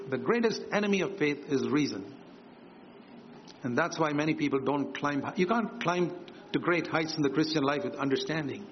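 A man preaches a sermon in an expressive, emphatic voice at a measured pace, pausing often and repeating key phrases. He swings higher for quoted words, and the dull lo-fi recording carries faint ambience and a little hiss or hum.

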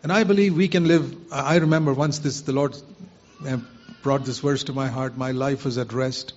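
Man, preacher, sermon, earnest, rhetorical questions, somewhat high pitch, dull lo-fi sound. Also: fairly even intonation, moderate pace. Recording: muffled lo-fi recording.

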